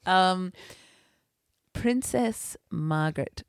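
A woman with a fairly low voice tells a rambling comic story. Her pitch leaps all over as she mimics the people in it, laughing as she goes. The sound is dry and close. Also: drawn-out words, clear, resonant tone, no room sound. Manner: animated storyteller, laughs often, acts out quoted voices. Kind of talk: casual chat and storytelling.

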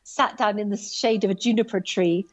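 A woman telling a story about her hike in a casual, animated way, full of asides and restarts. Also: medium pitch, moderate pace, muffled recording. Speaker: guest recounting a hike.

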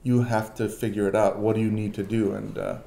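A man in his forties from New York, telling personal stories in a relaxed chat with many fillers. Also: on the low side, a little fast, vocal fry, roomy sound, a little hiss or hum. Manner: reflective storytelling, many fillers. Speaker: guest. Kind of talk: casual chat.

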